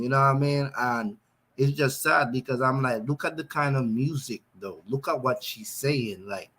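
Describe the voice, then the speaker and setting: A man's voice: mid-range voice, fairly bright tone. Rambling man in casual stream chat. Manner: rambling, full of "you know what I'm saying".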